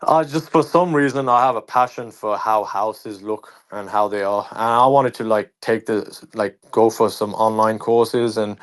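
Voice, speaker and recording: A man's voice: lowish voice, normal speed, few pauses. A young man with a Birmingham accent, a streamer being interviewed, talking casually and ranting heatedly with lots of swearing. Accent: Birmingham English. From England. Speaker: streamer, guest.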